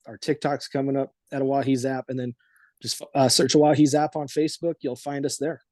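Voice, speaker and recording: A young man answering interview questions as a guest, speaking haltingly with many ums and restarts. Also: medium pitch, flat delivery, a little mellow, no room sound. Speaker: guest, team co-owner.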